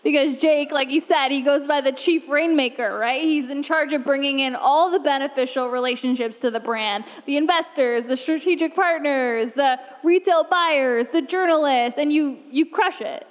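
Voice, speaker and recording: High-voiced upbeat woman moderating a panel. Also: normal speed, hardly any pauses. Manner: gushing, upbeat, praising. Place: event venue before live audience. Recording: long reverb of an event hall.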